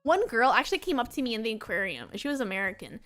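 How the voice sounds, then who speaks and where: A young woman chatting on a casual stream, excitable and rambling, with many "like"s. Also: fairly high pitch, racing, faint music behind. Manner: excitable, rambling, heavy use of "like". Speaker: VTuber streamer.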